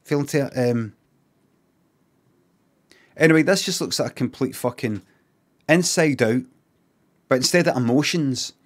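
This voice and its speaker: A man with a Scottish accent, streaming casually and reacting out loud in a rambling, repetitive, sweary way. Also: medium pitch, unhurried, pauses often.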